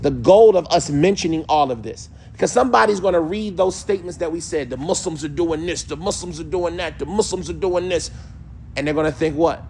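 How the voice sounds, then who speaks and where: This man teaches a class on a classical text at a fast clip, in a voice a little higher than usual for a man. He keeps putting rhetorical questions to the group and answers them himself. Faint room ambience sits behind him. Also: a little hiss or hum. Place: mosque hall.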